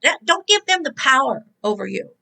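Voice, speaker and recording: A woman's voice: high-pitched, very animated, a little fast, gravelly, pushed and bright, low-quality recording. A woman hosting a spiritual motivational talk, emphatic and exhorting, repeating her key words. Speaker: host and motivational speaker.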